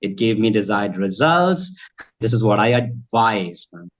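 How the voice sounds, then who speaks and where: A man's voice: on the low side, animated, a little slow, muffled recording. Earnest male trainer. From India. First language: Bhojpuri. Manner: earnest, advising, keeps saying ma'am and right. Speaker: accent trainer and guest. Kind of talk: interview answers.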